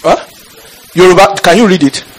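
A man preaching a fiery sermon in church, shouting out scripture and calling on the congregation. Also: high voice, normal speed, poor audio.

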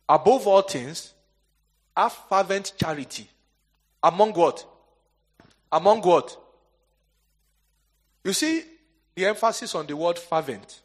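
Male pastor, husky and fairly high, preaching call-and-response with sharp swings between loud and quiet. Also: expressive, takes it slowly, long pauses. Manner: call-and-response preaching, leaves questions for the congregation to answer; swings between soaring emphatic lines and low quiet asides. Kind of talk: sermon.

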